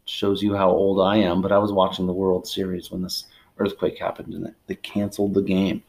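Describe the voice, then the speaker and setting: A man in his forties reading a graphic novel aloud with a child, expressive and chatty, asking questions. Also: low-pitched, a little fast, creaky. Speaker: reading tutor.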